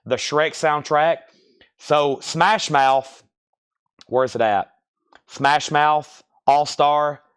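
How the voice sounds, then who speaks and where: A man with a Southern US accent hosting a live record sale, reeling off titles and prices in a steady, folksy sales patter. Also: mid-range voice. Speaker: host selling records on a livestream. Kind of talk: live sales stream, casual chat.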